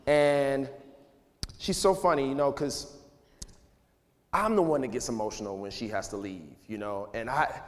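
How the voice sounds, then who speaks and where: A man in his thirties giving a relaxed, rambling talk to a live audience in a school auditorium, full of "you know" and "like". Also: medium pitch, measured pace, long pauses. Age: 30s. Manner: loose and conversational, heavy with "you know" and "like". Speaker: guest speaker. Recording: long hall reverb.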